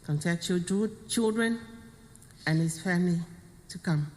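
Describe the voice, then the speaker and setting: A middle-aged Samoan-accented woman speaks at a funeral in halting, heartfelt fragments, moving slowly from one short phrase to the next. Her voice carries a long reverb that rings through the service hall. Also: on the low side, a little mellow. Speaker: widow of the deceased. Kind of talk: funeral eulogy.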